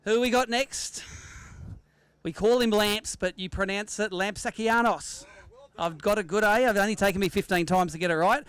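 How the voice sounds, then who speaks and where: A man's voice: high-pitched, a little fast, a bit bright, clear, resonant tone, dry recording. An Australian man emceeing a live fishing weigh-in, chatting with anglers and teasing them with jokes. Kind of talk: live event commentary with banter. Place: outdoor weigh-in at a sailing club.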